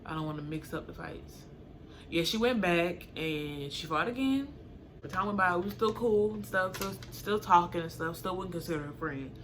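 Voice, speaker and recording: A young woman casually telling a story to camera, acting out what people said with sudden high jumps in her voice. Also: moderate pace, slight background noise. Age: young adult. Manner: animated, acts out quotes with sudden high pitch jumps. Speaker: storytime vlogger.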